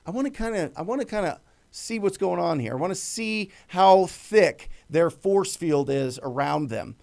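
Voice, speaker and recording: A high-pitched, expressive voice with vocal fry and a darkish tone belongs to a middle-aged man running a live real estate cold-calling show. At a moderate pace, he hammers home key phrases and acts out practice calls in energetic coaching talk.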